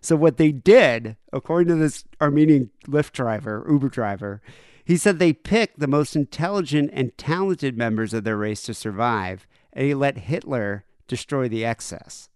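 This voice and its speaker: A man co-hosting a podcast, spinning a long anecdote in a smooth, resonant voice. He acts out both sides of the exchange as he goes. The sound is dry and close, with no room around it. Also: mid-range voice, normal speed, no echo. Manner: animated retelling, acts out both sides of a conversation. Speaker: podcast co-host. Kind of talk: casual storytelling chat.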